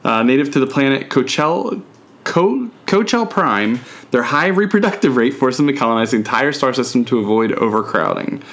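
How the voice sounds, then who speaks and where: A man's voice: medium pitch, lively intonation, normal speed, a bit bright. A man co-hosting a casual podcast chat, joking around with frequent fillers and reading facts aloud. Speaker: podcast co-host.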